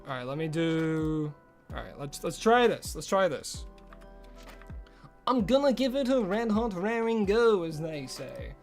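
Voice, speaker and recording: A man's voice: sits high, very animated, unhurried. A young man chatting casually with his live-stream audience, swearing freely and laughing often. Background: faint music.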